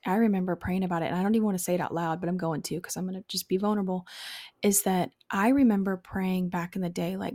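A woman's voice: medium pitch, steady tone, fast, darkish tone, no room sound, clean studio sound. A woman co-hosting a casual faith podcast, telling stories in a candid, rambling way. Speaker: podcast co-host.

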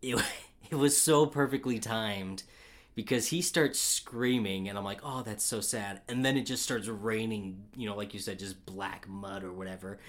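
A man co-hosting a casual film chat, excitable and rambling, with lots of fillers and restarts. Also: fairly low pitch, normal speed. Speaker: podcast co-host.

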